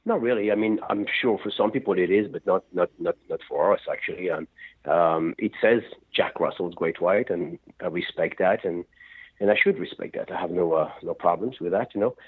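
A man, a rock singer, telling stories in a rambling, animated way during an interview. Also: low-pitched, brisk, husky. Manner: rambling, animated storytelling with restarts. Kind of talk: phone interview. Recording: tinny phone line.

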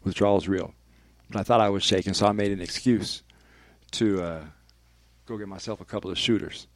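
A man's voice: lowish voice, fairly even intonation, brisk. A man, a radio personality, telling a candid and emphatic personal story as a podcast guest, swearing freely.

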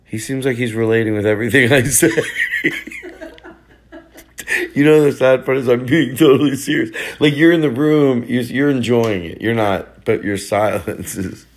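A man's voice: mid-range voice, moderate pace, few pauses. A middle-aged man, a stand-up comedian hosting a podcast, riffing in a sarcastic, joking way with repeated bits. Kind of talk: casual comedic podcast banter.

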